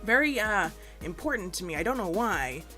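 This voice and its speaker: A woman's voice: very animated, moderate pace. A young woman chatting casually over a game speed build, rambling and self-deprecating, with sudden playful asides. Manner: rambling, self-deprecating, bursts into squeaky silly voices. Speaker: gaming YouTuber. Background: soft background music.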